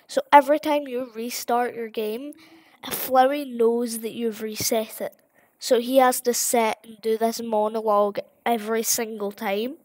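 A woman giving casual commentary while she plays a video game, rambling along with plenty of fillers. She talks slowly, and her voice sits fairly high for a woman. The sound is close and dry. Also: darkish tone, no room sound. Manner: rambling, with many fillers and restarts. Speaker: gamer.

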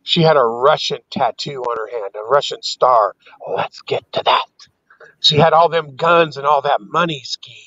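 A man's voice: medium pitch, normal speed, few pauses, fairly bright tone, no room sound, lo-fi sound. A man joining a livestream panel as a guest, rambling and laughing often through casual banter.

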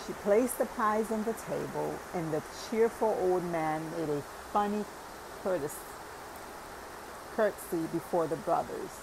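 A woman narrates a parable audiobook in a calm, deliberate reading. Her voice is low and gravelly. She takes her time over each phrase. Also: noisy background. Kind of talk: scripted narration.

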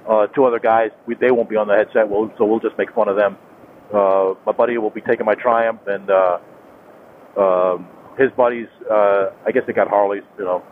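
A man, talking casually into a helmet mic while riding his motorcycle on a rural highway, rambling with lots of fillers and restarts. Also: steady tone, moderate pace. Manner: rambling, repeats himself, many fillers and restarts. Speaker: motorcycle vlogger. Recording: tinny phone-like helmet mic with road noise.

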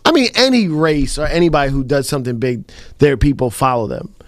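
Loose-talking New York radio host. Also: male voice, mid-range voice, lively intonation, a little fast, no echo, studio quality. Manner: loose and conversational, leaning on fillers. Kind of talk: casual radio interview chat. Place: radio studio.

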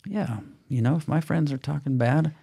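A man co-hosting a parenting podcast, telling a family story in an animated way, acting out the quoted dialogue. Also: on the high side, moderate pace, creaky, husky. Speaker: podcast co-host. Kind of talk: casual parenting chat.

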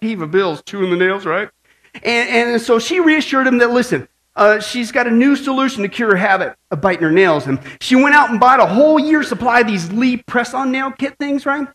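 Male pastor, playful storyteller preaching a sermon, high and bright. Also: expressive, fairly quick. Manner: playful storyteller, asks the crowd "right?". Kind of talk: sermon with jokes.

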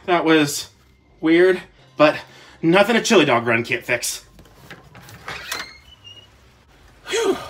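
A young hedgehog hero, played by a man with a lively, bouncing voice and an unhurried way of talking. He mutters nervously to himself as things grow strange in a fan plush cartoon. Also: high voice, exaggerated voice. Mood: annoyed. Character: cocky young hedgehog hero, hungry and jumpy. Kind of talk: fan plush video voice acting.

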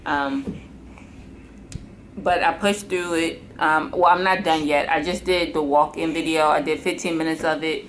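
A woman's voice: low-pitched, a little slow, slight background noise. Tired woman rambling to her camera. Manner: relaxed, rambling, full of ums and likes. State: tired and low on energy. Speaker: fitness vlogger and mother. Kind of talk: casual chat to camera. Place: at home.

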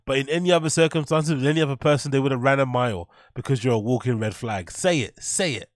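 A man's voice: mid-range voice, fast talker, no echo, studio quality. A man hosting a reaction show, mocking and bluntly scolding what he watches. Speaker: host. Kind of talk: reaction commentary.

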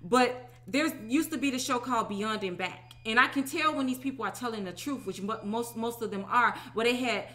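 A woman in her thirties giving an animated, emphatic personal testimony, often asking "okay?". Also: a little high, brisk, few pauses. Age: 30s. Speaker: religious teacher.

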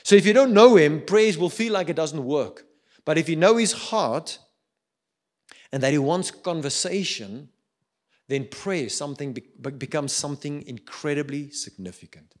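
A middle-aged man with a South African accent preaching a sermon, swinging between loud urging and quiet reflection. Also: a little high, animated, normal speed. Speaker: pastor.

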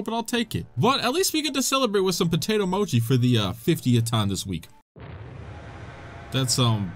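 Excitable young man playing a game. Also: mid-range voice. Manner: excitable, laughing, swearing, reading dialogue aloud. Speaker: gaming YouTuber. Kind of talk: let's play commentary. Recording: faint game music behind. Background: faint game music.

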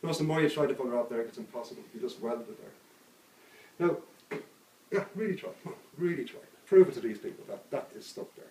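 A man talks quickly and insistently as he hypnotizes someone outdoors, repeating his suggestions and coaxing his subject along. He is picked up from a distance. The sound is roomy, with a faint hiss behind it. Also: medium pitch, animated, dark tone. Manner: coaxing, repetitive, chuckles at the subject. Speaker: street hypnotist. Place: outdoors on a street. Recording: roomy, distant mic with faint background noise.

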